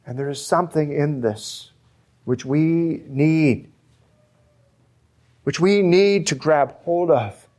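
A man preaching an expository sermon, slow and emphatic, repeating key phrases for weight. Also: on the high side, a little mellow.

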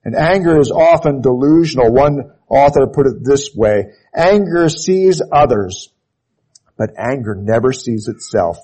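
A man preaching with deliberate, unhurried weight, hammering his points home through repetition. His voice is husky and mellow, and he often sinks to a hushed, heavy close at the end of a phrase. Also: expressive, poor audio. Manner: emphatic, repeats key phrases, drops to low intensity on closing words. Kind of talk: sermon.

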